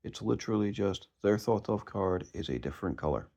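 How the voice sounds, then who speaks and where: A man's voice: on the low side, expressive, a little fast, a little mellow. A man giving an emphatic, direct casual talk on performing magic, often restarting his words. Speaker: mentalist discussing magic performance. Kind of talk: casual instructional monologue.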